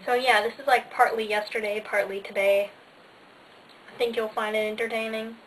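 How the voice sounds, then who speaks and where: A teenage girl rambles through her day in a casual home vlog, bubbly and sarcastic, her speech full of "like" fillers. Her voice sits fairly high. It was recorded on a camera mic a little distant from her, with a faint hiss underneath. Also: flat delivery, moderate pace. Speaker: vlogger.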